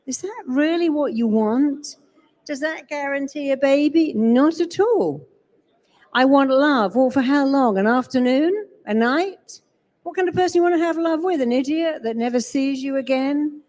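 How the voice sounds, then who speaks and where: A woman's voice: sits high, normal speed, warm tone. A woman giving a live seminar talk on a stage, emphatic, slipping into quoted voices to make her points. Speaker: speaker. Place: large event hall.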